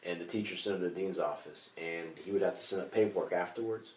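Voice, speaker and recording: Low-voiced man telling a story, echoey. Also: fast. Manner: swearing, animated storyteller. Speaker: podcast co-host. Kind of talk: casual storytelling chat. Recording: echoey room, distant mic, faint hiss.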